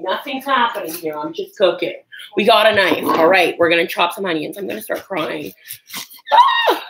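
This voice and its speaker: A woman's voice: mid-range voice, creaky, fairly bright tone, a little hiss or hum, low-quality recording. A woman chatting casually on a livestream while she cooks in her home kitchen, nervous and self-deprecating, with sudden yelps. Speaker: livestream cooking host.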